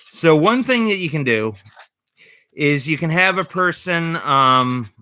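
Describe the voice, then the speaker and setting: A man chatting casually on a vlog about magic tricks, rambling and halting with many fillers and corny jokes. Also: a little high, expressive, pushed and bright, dry recording, clean studio sound. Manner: corny jokey delivery. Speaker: vlogger showing magic tricks.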